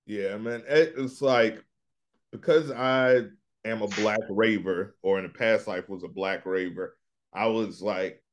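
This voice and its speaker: A man's voice: on the low side, measured pace, slight background noise. A middle-aged man chatting casually on a podcast, telling laid-back stories and acting out his own lines. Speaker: podcast co-host. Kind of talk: casual chat.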